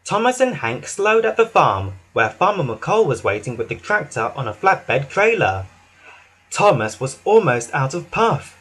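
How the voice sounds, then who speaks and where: Expressive husky man reading a children's storybook. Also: fairly high pitch, unhurried. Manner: expressive read-aloud with restarts. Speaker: narrator. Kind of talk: storybook narration.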